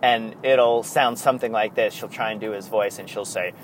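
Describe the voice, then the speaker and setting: A man's voice: lowish voice, steady tone, moderate pace, slight background noise. A man hosting a podcast in casual chat, rambling and going off on tangents. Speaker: podcast host.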